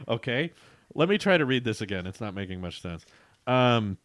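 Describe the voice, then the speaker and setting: A man's voice: fairly low pitch, very animated, normal speed, dry recording, studio quality. A young man reading his childhood comic aloud as a vlogger, with self-mocking, amused asides.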